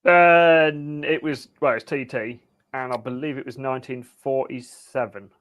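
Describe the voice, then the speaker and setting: A man sits in as a podcast guest and chats in a relaxed, conversational way. His pitch sits in an ordinary middle range. He makes wry, dryly humorous remarks as he talks. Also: moderate pace, highs cut off. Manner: easygoing, wry and chatty with a dry humour. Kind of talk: casual interview chat.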